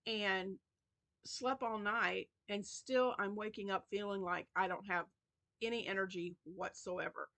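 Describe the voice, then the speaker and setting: Woman, crochet vlog host, casual chat, tired and yawning, rambling restarts, bright voice. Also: medium pitch, fairly even intonation, unhurried. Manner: chatty, rambling with frequent restarts.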